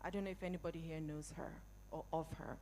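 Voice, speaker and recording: A woman's voice: low voice, steady tone, fast talker, mellow, long reverb tail. A woman in her forties or older giving a personal, emphatic motivational talk, speaking straight to a live audience. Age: 40s or older. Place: event hall.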